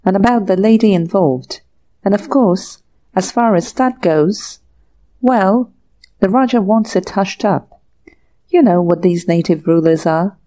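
A woman voicing a confident, forceful middle-aged male detective in a storybook reading, smooth and persuasive. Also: mid-range voice, animated, measured pace, lightly acted.

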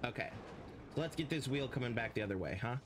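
A man's voice: medium pitch, expressive, fast, noisy background. A man casually commenting on his gameplay as a streamer, rambling and swearing freely.

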